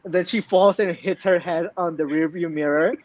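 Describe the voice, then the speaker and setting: High-voiced man co-hosting a podcast. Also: fairly even intonation, moderate pace, no echo, lo-fi sound. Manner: emphatic, blunt, swears freely. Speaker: podcast co-host. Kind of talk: casual recap chat.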